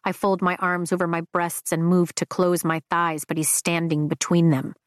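A woman reading first-person romance narration in an intimate, expressive way. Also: on the low side, normal speed, dry recording, studio quality. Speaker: audiobook narrator.

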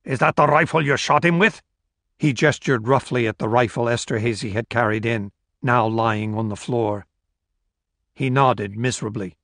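This audiobook narrator, a man with a medium-pitched voice, reads a novel in a steady, even storytelling style. The recording is clean studio sound without any room sound.

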